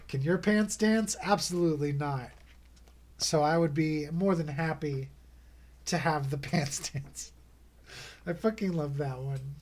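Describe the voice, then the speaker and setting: A man's voice: on the high side, slow pace, long pauses, slight background noise. A man streaming from home, reading poems aloud in a playful way and chuckling between them with casual asides.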